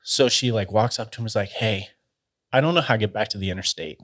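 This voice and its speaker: A man telling a story casually, in a loose, halting way full of fillers and restarts. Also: lowish voice, fairly bright tone.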